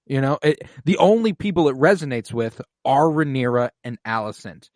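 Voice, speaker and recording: A man co-hosts a podcast in a loose, swearing, casual way, now and then acting out characters. His voice sits at a middle pitch, and the sound is dry and close. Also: lively intonation, normal speed, a little mellow, no echo. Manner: profane, loose, acts out characters in quotes. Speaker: podcast co-host. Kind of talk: casual recap chat.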